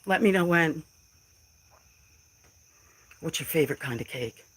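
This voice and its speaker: On a casual phone livestream, a middle-aged woman talks back to trolls in her chat, defiant and emotional. Her low, slightly rough voice is animated but measured in pace, and the recording is rough.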